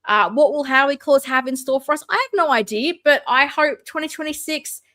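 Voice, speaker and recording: A woman's voice: sits high, brisk, fairly bright tone. An Australian woman hosting a casual livestream, chatting and answering viewer comments. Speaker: livestream host.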